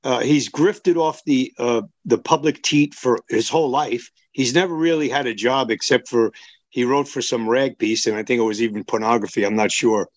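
A man's voice: medium pitch, moderate pace, no echo, dull audio. A man hosting a podcast interview, blunt and opinionated, rambling a little as he talks. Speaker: podcast host.

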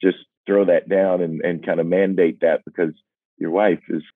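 Low-voiced older man, phone-thin and dry. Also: little pitch movement, dry recording. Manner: earnest and reflective, self-deprecating, halting restarts. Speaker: singer-songwriter guest. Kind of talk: candid personal storytelling. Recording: dry, phone-like narrow sound.

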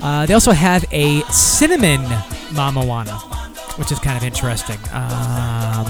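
A man's voice: medium pitch, normal speed, vocal fry, music in the background. A man hosting a podcast alone, rambling casually and swearing often while reading product copy aloud. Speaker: podcast host. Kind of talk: casual solo podcast talk.

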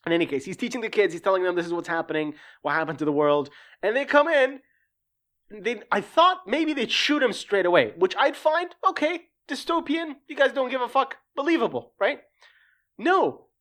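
A reviewer talking through a show in a casual, rambling way, swearing freely and turning sarcastic, their voice climbing higher as they get worked up. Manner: animated, pitch climbing when worked up.

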